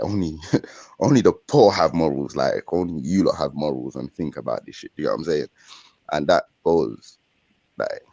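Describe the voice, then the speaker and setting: A man's voice: a bass voice, creaky, darkish tone, dry recording, lo-fi sound. A young man with a London accent, talking casually in streetwise slang and rambling through his points. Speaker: podcast co-host. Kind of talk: casual chat.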